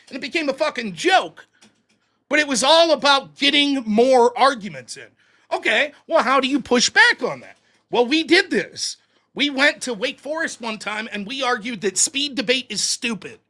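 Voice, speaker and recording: A man hosting a livestream, telling stories in an animated, profane way. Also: very high voice, normal speed. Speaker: livestream host. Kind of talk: casual livestream commentary.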